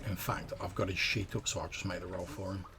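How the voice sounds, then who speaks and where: A man's voice: low voice, level tone, fast talker, very noisy. A man narrating a tabletop game as game master, describing the action with small hesitations.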